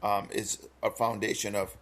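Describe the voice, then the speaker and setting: A man who grew up in Minnesota, co-hosting a podcast and telling a personal story in an earnest, halting way with many fillers. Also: lowish voice, little pitch movement, a bit bright. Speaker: podcast co-host. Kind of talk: casual podcast chat.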